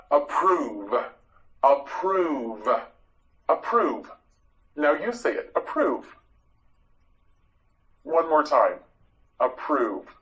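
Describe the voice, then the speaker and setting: Slow, lively-pitched patient male teacher. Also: poor audio. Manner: patient, encouraging, repeats each word slowly and clearly. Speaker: English teacher. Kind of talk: vocabulary drill lesson for learners.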